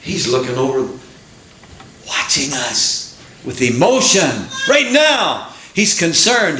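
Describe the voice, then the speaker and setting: Folksy preacher in an echoey church. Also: male voice, mid-range voice, far from the mic, slight background noise. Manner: animated, swells into excited outbursts, folksy fillers. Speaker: pastor. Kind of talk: sermon. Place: church sanctuary.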